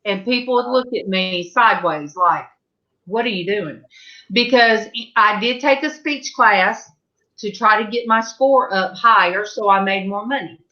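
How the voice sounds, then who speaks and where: A woman's voice: mid-range voice, a little slow, sharp tone. A middle-aged woman with a Southern US accent, hosting a casual panel chat and telling rambling stories full of fillers. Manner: chatty storyteller, many fillers and restarts. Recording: dull lo-fi sound.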